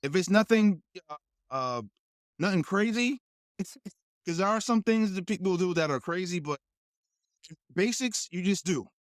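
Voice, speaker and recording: A man's voice: high-pitched, a little slow, long pauses, dry recording, studio quality. A man who is a guest actor, telling a story in casual chat and animatedly acting out the voices he quotes. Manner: animated, acts out quoted voices, laughs often.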